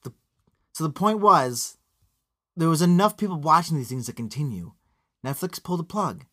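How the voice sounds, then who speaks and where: A man co-hosting a casual chat podcast from Chicago, talking in an animated way that jumps into quoted voices. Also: a little high, moderate pace. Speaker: podcast co-host.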